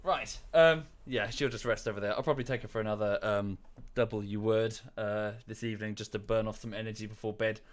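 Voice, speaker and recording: A man's voice: lowish voice, fairly even intonation, a little fast, few pauses. A young man giving casual live-stream commentary on a strategy game at home, chatty, easily distracted and apologetic. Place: room at home.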